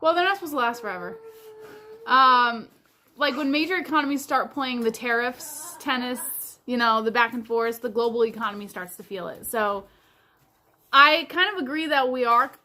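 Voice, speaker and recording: A woman's voice: a little high, normal speed, sharp tone. A woman hosting a livestream in casual chat, rambling along with lots of fillers like "like". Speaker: livestream host.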